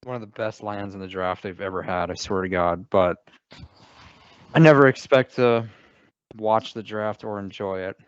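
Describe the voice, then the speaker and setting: A man's voice: on the low side, normal speed, smooth, no echo. A man speaking as a guest on a sports podcast, chatting casually with a laid-back, offhand manner. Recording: dry, dull lo-fi audio.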